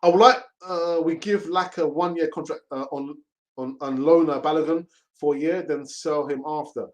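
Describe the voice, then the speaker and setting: A man's voice: fairly high pitch, fairly even intonation, moderate pace. A man hosting a casual live stream, reading chat messages aloud, laughing and mockingly acting out pleading voices. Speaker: host of a fan channel reading live chat.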